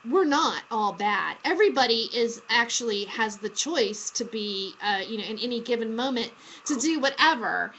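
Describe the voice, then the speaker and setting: A woman's voice: on the high side, lively intonation, moderate pace, fairly bright tone, a little hiss or hum. Rambling woman on a lo-fi call. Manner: rambling, many fillers and restarts. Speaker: podcast host. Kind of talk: casual chat.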